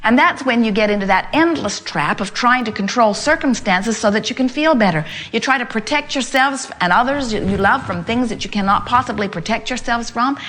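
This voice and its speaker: An older woman delivers an inspirational spiritual talk to a gathered audience. Her voice sits a little high for a woman. She is emphatic and repetitive and speaks as "we" to her listeners. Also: lively intonation, fairly quick, few pauses, a bit bright.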